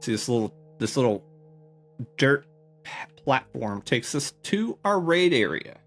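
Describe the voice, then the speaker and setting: A man's voice: medium pitch, big pitch swings, a little slow, a bit bright, soft background music. Rambling man giving a game tour. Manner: rambling, filler-heavy, self-correcting. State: slightly out of breath. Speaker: gaming YouTuber. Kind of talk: casual game commentary tour.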